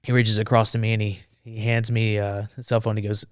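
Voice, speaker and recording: Smooth-voiced man telling a war story. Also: lowish voice, quick pace, no room sound, clean studio sound. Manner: animated, acts out the dialogue. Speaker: former Marine, podcast guest. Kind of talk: casual storytelling.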